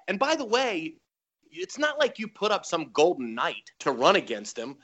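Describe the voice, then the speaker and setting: A man's voice: sits high, lively intonation, moderate pace, a bit bright. A man, a comedian guest, telling a story in casual chat and acting out voices and sound effects.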